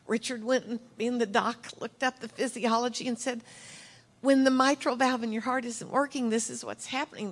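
A middle-aged woman giving a heartfelt sermon as a church speaker, telling stories earnestly and emotionally, sometimes dropping to a soft whisper. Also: a little high, gravelly. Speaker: church speaker leading prayer.

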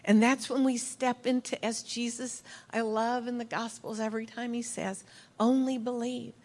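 Leading prayer as a church speaker, a middle-aged woman delivers a heartfelt sermon, earnestly and emotionally telling stories and at times dropping to a soft whisper. Her voice is a little high, her intonation fairly even, and her pace moderate.

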